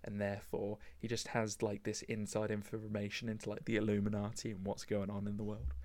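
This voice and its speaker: A man's voice: on the low side, monotone, fairly quick, a little mellow. Rambling male podcast host. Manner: rambling, enthusiastic, full of fillers. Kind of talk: casual solo podcast talk.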